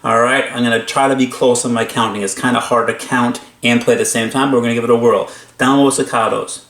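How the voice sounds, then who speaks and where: A man's voice: mid-range voice, flat delivery, quick pace, a bit bright. Upbeat man teaching violin bowing. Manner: upbeat, talks between playing, counts aloud. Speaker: string teacher. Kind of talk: instrument lesson demonstration. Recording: echoey room with violin playing. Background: violin playing.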